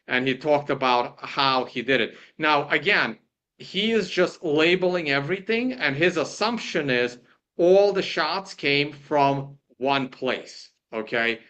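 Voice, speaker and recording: A man's voice: fairly high pitch, animated, takes it slowly, bright, forceful tone. Chatty man walking through videos. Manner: rambling, restarts, narrates what is on screen. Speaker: host. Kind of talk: casual screen-share commentary.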